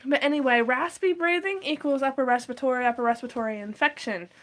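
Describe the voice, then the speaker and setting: A young woman chatting casually in a vlog, explaining pet rat health and cooing at her pets now and then. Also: quick pace. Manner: chatty, talks to her pets in a high baby voice. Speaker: pet rat owner vlogger.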